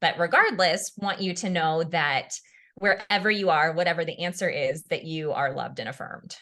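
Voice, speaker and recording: Woman, pastor, earnest, emotional, reassuring, bright, fairly low-pitched. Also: normal speed. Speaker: pastor and mental health advocate. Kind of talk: heartfelt discussion.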